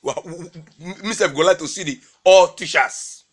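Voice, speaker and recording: An exasperated husband , played by a man, mocks his wife in Warri Pidgin, repeating his jabs with slow, stretched-out emphasis. His voice sits a little higher than most men's. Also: breathy edge. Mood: mocking. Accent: Warri Nigerian Pidgin. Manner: mocking, repeating phrases with drawn-out emphasis. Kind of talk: comedy skit acting.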